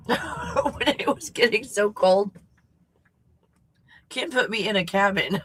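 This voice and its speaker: A woman's voice: mid-range voice, moderate pace, pushed and bright, slightly rough. A woman hosting a casual livestream chat, snacking, reacting to viewer comments and swearing freely. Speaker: host.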